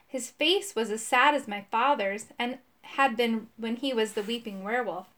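Woman storybook narrator, fairly high voice, expressive read. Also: normal speed. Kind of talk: storybook reading.

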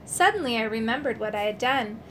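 A woman reads a children's story aloud in a high, bright voice, and her pitch rises and falls a great deal from line to line. Her narration is expressive, and she gives the quoted lines voices of their own. There is a faint hiss of noise under the recording. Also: a little fast. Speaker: audiobook reader.

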